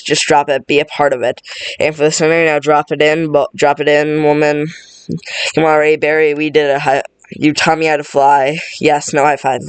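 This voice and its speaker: A man racing through a full movie script read-through in a monotone, tripping over words and restarting lines. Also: a little high, clear, resonant tone, no echo.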